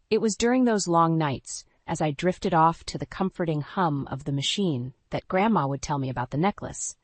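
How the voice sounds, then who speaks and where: A woman narrating a scripted first-person story in a dramatic, even storytelling voice. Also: low-pitched, no echo.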